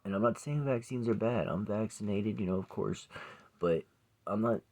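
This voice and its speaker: Man, 40s, very low husky voice; rambling vlog storyteller, swears, drifts into hushed asides. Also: normal speed. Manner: rambling, swears often, drops to a near whisper at times. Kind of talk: casual personal storytelling to camera. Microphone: phone or camera close by.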